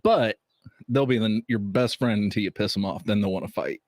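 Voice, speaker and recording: Easygoing lower-voiced guest man. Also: fairly quick, a little mellow, dry recording. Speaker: podcast guest. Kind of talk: casual chat.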